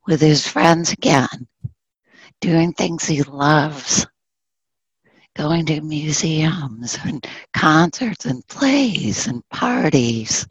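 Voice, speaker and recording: A woman giving a dharma talk, gently telling a story and dropping into soft whispers. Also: low voice, slightly rough, no echo, rough recording. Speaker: Buddhist dharma teacher.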